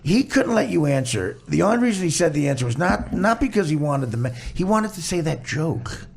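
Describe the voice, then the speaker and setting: Man, talk host, gravelly, lively pitch, brash and teasing. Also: brisk. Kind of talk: casual chat.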